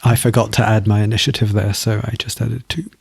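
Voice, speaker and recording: A man playing a tabletop role-playing game, talking in an unhurried, hesitant way. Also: lowish voice, level tone, creaky, slightly rough, dry recording. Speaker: player. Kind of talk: casual tabletop game play.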